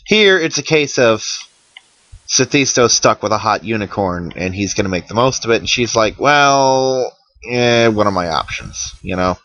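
A man's voice: on the low side, moderate pace, fairly bright tone, dry recording, lo-fi sound. Tired, wry man doing game commentary. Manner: chatty, wry, tired and yawning. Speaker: let's play commentator.

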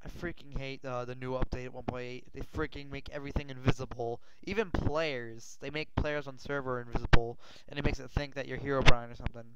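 A male gaming host giving rambling gameplay commentary, often yelling and swearing in panic. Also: medium pitch, noisy background. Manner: rambling, excitable, yells and swears when panicked. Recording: dull lo-fi mic.

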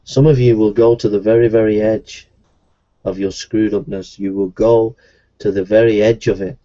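A man preaching an evangelistic sermon, pleading and repeating himself, his voice at times rising high. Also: steady tone, moderate pace, mellow. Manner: pleading, repetitive, with sudden rises into a high voice. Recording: dull lo-fi recording.

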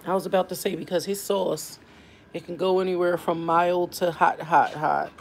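A tired woman chats loosely with her viewers on a home live stream, full of fillers and drawn-out asides. Her voice sits low and has a gravelly fry. Faint room noise hangs behind her. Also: steady tone. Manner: drawling, informal, many fillers. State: tired, yawning. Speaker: family channel host. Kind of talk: casual live-stream chat.

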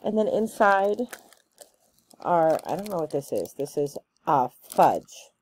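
A woman chatting casually through a gift box unboxing, gushing and excitable, with plenty of ums and likes. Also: deep voice, takes it slowly. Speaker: unboxing vlogger.

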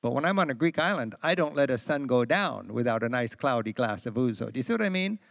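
An American man in his sixties, speaking as a travel writer at a talk event, telling travel stories with animated enthusiasm and frequent fillers. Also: medium pitch, fast talker, vocal fry, no room sound, clean studio sound. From United States. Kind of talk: storytelling talk to an audience. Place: lecture event.

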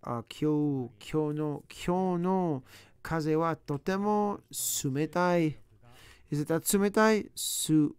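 A man's voice: on the high side, takes it slowly, darkish tone, clean tone, dry recording. A man working aloud through practice sentences, sounding out words and joking to himself as he studies. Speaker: language learner. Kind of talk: self-talk while studying.

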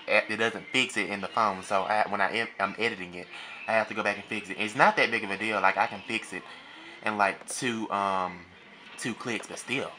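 Quick, bright-voiced young man. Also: on the low side, a little hiss or hum. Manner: rambling, many ums and restarts. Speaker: vlogger. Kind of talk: casual chat to camera. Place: at home, in his kitchen. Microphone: handheld phone or camera at arm's length.

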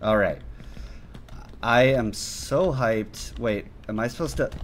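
A man doing gameplay commentary, excitable and self-mocking, breaking into sudden yelps and shouts. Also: medium pitch, takes it slowly, long pauses. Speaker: gaming youtuber.

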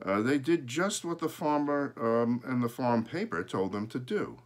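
A man reading a children's storybook aloud, pausing now and then to point out the pictures. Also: medium pitch, animated.

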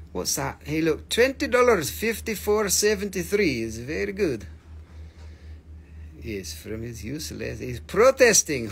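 A man's voice: fairly high pitch, vocal fry, slight background noise. Joking, foul-mouthed man hosting a crystal sale. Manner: joking, teasing, swears freely. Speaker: host selling crystals on a livestream. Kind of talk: casual live sales chat.

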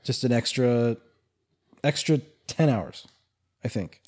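A man's voice: medium pitch, animated, takes it slowly, a little mellow. Chatty laughing man on a podcast. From California. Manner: chatty, laughs often, rambling storyteller. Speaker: podcast co-host. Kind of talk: casual chat.

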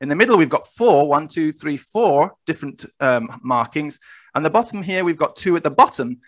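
A man presenting and explaining slides in a recorded discussion, talking in a measured, self-correcting way. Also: fairly high pitch, expressive, fairly bright tone. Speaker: guest presenter.

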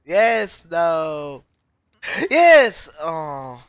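Animated yelping VTuber woman. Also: sits low, drawn-out words, clean tone, no echo. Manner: yelps yes and no, laughs and shrieks at setbacks. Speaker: VTuber streamer. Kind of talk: reactive gameplay commentary.

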